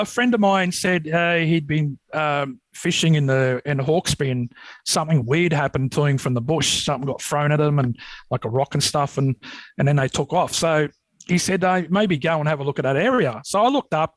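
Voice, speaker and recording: Australian man, casual rambling yarns, slightly high voice, dry studio mic. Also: normal speed, no room sound, low-quality recording. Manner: rambling, animated when retelling scares. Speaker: podcast guest, Yowie researcher. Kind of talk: casual storytelling.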